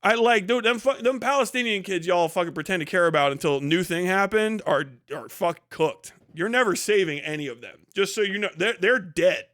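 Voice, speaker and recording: High-voiced man streamer, clean and smooth, delivering a sarcastic profane rant. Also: expressive, a bit bright, no room sound, studio quality. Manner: fast bursts and sudden drawn-out words. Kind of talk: livestream rant.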